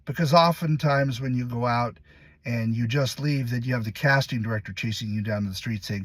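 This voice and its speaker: A male actor telling a story to camera in a casual, animated way, acting out the lines and voices as he goes. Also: medium pitch, brisk, no room sound. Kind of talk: casual anecdote told to camera.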